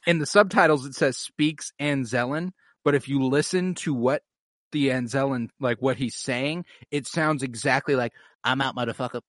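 Man, podcast host, casual chat, eager, mid-pitched, dry close mic. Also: moderate pace, a bit bright, dry recording. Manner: enthusiastic, quizzes his co-host.

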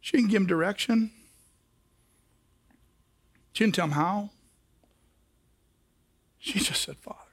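High-voiced man preaching with passion. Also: takes it slowly, long pauses. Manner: impassioned, rising into shouts and dropping to quiet asides. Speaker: pastor. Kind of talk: sermon.

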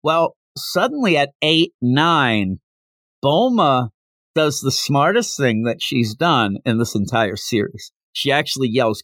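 A podcast host casually recaps a manga chapter, getting animated and slipping into put-on character voices, his pitch jumping around. He speaks slowly, and the recording is close and dry with no echo or room sound.

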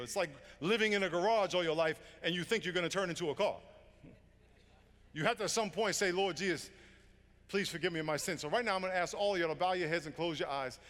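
A man in his fifties preaching to a full room with earnest, fervent storytelling. His voice sits high for a man, and the sound rings with a long hall reverb. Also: a bit bright. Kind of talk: evangelistic sermon. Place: large room with audience.

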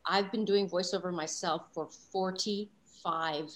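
A woman of sixty from Los Angeles, a guest voice actor talking about her career in an animated, enthusiastic way with frequent fillers. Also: lowish voice, unhurried. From Los Angeles, USA. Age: 60s. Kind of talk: casual interview chat.

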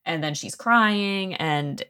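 A woman's voice: on the low side, slow, clear, resonant tone. A woman casually retelling a novel's plot, chatty and full of fillers, playing out what each character says. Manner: chatty, animated quoting of characters, frequent "like" fillers. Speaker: podcast co-host.

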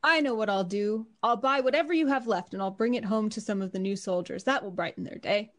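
A woman's voice: medium pitch, fairly quick, fairly bright tone. Gracious woman playing a noble. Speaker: player. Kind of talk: in-character tabletop role-play.

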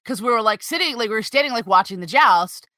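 Bright-voiced woman in loose chat. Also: on the high side, animated, fast talker, no room sound. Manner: loose, peppered with "like", swears freely. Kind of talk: casual chat.

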